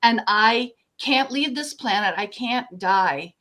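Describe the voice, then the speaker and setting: Her voice sits a touch higher than most women's. She is an older woman speaking as an interview guest in a loose, rambling way, earnest and a little emotional, often breaking into laughter. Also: expressive, slow pace, pushed and bright. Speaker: guest, contactee. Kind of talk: casual interview conversation.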